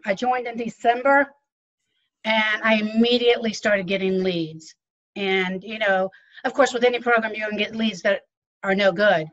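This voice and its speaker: A woman's voice: medium pitch, fairly bright tone. A middle-aged woman real estate agent answering interview questions frankly and matter-of-factly. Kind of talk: testimonial interview. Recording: dull, muffled lo-fi audio.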